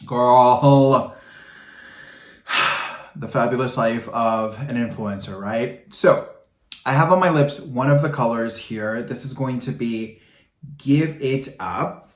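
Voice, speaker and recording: A man vlogging while doing his makeup, chatting in a campy, animated way with big swoops in pitch and frequent "girl" and "honey.". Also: takes it slowly. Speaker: makeup vlogger demonstrating products. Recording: echoey room.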